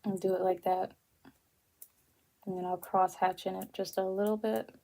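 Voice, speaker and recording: This young woman's art livestream features casual chat while she draws, heavy on fillers and laughter. Her mid-range voice is warm yet creaky, delivered flatly at normal speed, and faint music can be heard behind her.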